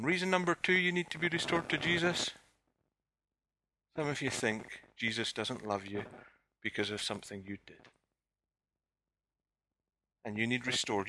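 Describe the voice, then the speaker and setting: A man's voice: medium pitch, bright, forceful tone. A man preaching a sermon at a church service, putting direct rhetorical questions to the congregation. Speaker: pastor.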